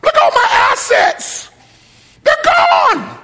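A preacher voices a grown male disciple in full panic, his voice climbing very high and shrill. He yells complaint after complaint with wild, bouncing pitch, as the preacher plays him for laughs. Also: huge pitch swings, takes it slowly, full character voice. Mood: frantic. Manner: shrill frantic yelling complaints.

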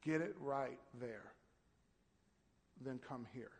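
A male pastor preaching a sermon in church, driving his points with rising, shouted emphasis and call-and-response. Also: mid-range voice, slow pace, breathy edge. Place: church sanctuary. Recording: long hall reverb.

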